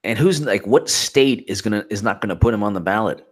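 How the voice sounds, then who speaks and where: A man's voice: fairly low pitch, fairly quick. A man hosting his own political commentary channel, talking off the cuff in a sarcastic, incredulous and exasperated way.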